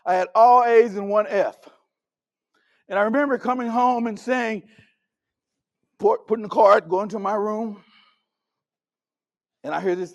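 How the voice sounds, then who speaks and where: A man's voice: high-pitched, unhurried, pauses often. A man giving a motivational keynote, telling stories dramatically and acting out the dialogue. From Texas. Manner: dramatic, acts out dialogue, emphatic. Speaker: keynote speaker.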